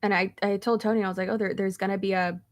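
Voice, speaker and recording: A woman's voice: mid-range voice, level tone, fast. A woman vlogger chatting casually, rambling through a story with lots of fillers and restarts. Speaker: beauty vlogger.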